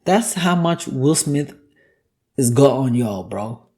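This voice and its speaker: A man's voice: medium pitch, animated, slow, dark tone. A young man hosting a solo podcast, talking casually in a joking, profane, ranting way. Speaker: podcast host.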